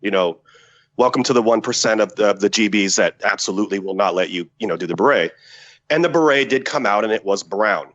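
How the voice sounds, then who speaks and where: A man's voice: on the low side, fast talker, muffled recording. A man, a former special forces soldier and podcast guest, telling a story in casual, profane talk and acting out the quotes. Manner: profane, animated, acts out quotes.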